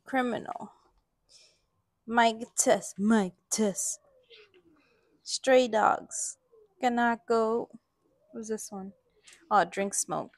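Young woman vlogger, excitable and gushing, slow unhurried delivery, dry close mic. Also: on the high side, dry recording. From Latin America. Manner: gushing, squeals with delight. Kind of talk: excited unboxing vlog. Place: in the Philippines.

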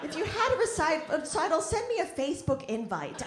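High, lively woman doing stand-up. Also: normal speed, hardly any pauses. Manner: self-deprecating, wry. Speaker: stand-up comedian. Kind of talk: stand-up routine. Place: comedy club in New York. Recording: roomy club recording with audience noise.

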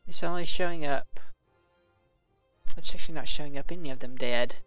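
A man's voice: a little high, normal speed, fairly bright tone, soft background music, rough recording. A man commentating a video game, reading its combat log aloud and adding casual remarks. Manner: reads game text aloud with casual asides. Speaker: let's play commentator.

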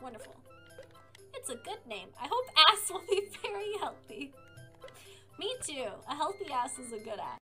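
A woman's voice: sits high, sing-song, normal speed. A young woman streamer gushing and squealing over her video game as she plays. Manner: gushing, squealy, laughs often. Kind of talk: excited gameplay commentary. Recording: faint game music behind.

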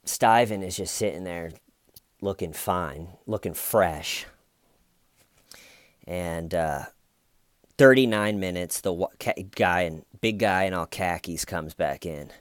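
A man's voice: deep voice, slow, pauses often, dry recording, studio quality. A man casually commenting on a true crime case in a chatty, sarcastic, rambling way.

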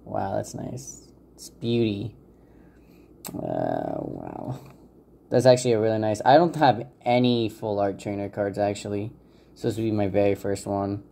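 Gravelly, mellow-voiced man opening card packs. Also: fairly low pitch, a little slow. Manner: relaxed, hesitant, many fillers, unsure of names. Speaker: channel host opening trading card packs. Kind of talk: casual unboxing commentary.

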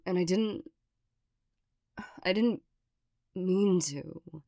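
Woman voicing a flustered young girlfriend who talks tough but loves deeply, hesitant and a little low, for a slow whispered role-play. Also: warm tone, dry recording, clean studio sound. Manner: hesitant and stammering, with nervous little laughs. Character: awkward tsundere young girlfriend, gruff but loving. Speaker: ASMR role-play performer.

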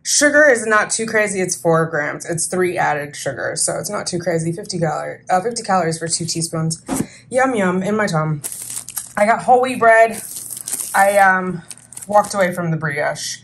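A woman's voice: on the low side, expressive, moderate pace. A woman in her thirties chatting casually in a vlog, talking herself through her breakfast and her groceries. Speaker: vlogger.

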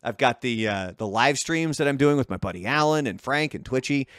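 A man's voice: mid-range voice, expressive, a little fast, a bit bright, no room sound. Laid-back man in a dry room. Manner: laid-back, profane, self-questioning. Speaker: podcast co-host. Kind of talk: casual chat.

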